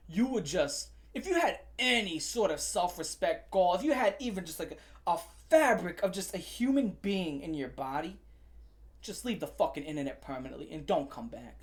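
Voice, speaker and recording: A commentary host ranting angrily, swearing often and repeating phrases for emphasis. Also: mid-range voice. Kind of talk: profane angry rant.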